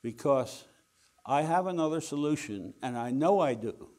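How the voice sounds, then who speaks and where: An older man telling a wry, animated anecdote to an audience, acting out the dialogue as he goes. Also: on the high side, normal speed. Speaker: speaker telling a story to an audience. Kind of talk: anecdotal storytelling talk.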